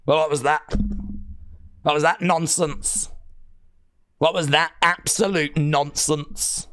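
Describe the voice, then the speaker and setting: A man's voice: a little high, fairly even intonation, slow, fairly bright tone, dry recording, clean studio sound. A middle-aged man hosting a live wrestling watch-along who rants sarcastically and with exasperation while he reacts. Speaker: live stream host.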